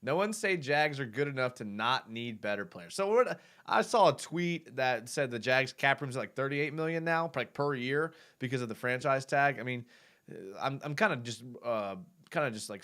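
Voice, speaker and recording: A young man chats loosely on a live stream, answering viewers as he goes. His pitch swings widely as he talks, and he stumbles and restarts, stringing thoughts together on the fly. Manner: rambling, self-correcting, animated. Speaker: live show host. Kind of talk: casual live-stream chat reading viewer comments.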